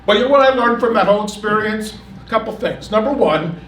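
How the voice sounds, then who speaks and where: A man telling a comic personal story on stage and acting out the quotes with lively energy. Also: high-pitched, quick pace, a little hiss or hum. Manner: animated, comic, acts out the quotes. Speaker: storyteller at a community story event. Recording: echoey room, picked up from a distance.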